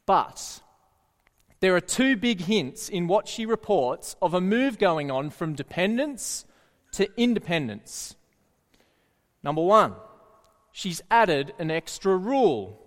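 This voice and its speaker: A man's voice: high-pitched, big pitch swings, slow, long pauses. A man preaching a sermon earnestly, often putting questions to his listeners. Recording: echoey hall reverb.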